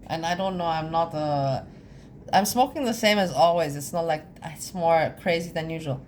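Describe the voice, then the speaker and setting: A woman's voice: sits low, darkish tone. A woman speaking English as a second language, giving a wry, laughing casual commentary on a clip. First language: not English. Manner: wry, laughs often, explains things slowly. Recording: faint ambient noise.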